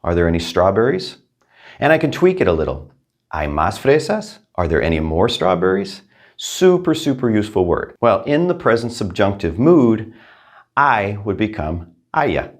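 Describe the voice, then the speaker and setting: Deep-voiced man teaching a language lesson. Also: sing-song, moderate pace. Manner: upbeat, repeats each practice sentence twice. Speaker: Spanish teacher.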